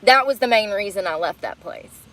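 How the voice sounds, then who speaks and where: A woman's voice: medium pitch, animated, moderate pace, fairly bright tone, low-quality recording. A woman chatting on a livestream around a car, rambling, giggling and cursing, breathless from effort. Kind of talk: casual livestream chat.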